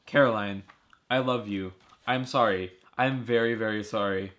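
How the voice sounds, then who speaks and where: A man's voice: lowish voice, steady tone, moderate pace, a bit bright, lightly acted. A man reading the letter of a loving, remorseful mother, tender and pleading, in an amateur audiobook reading.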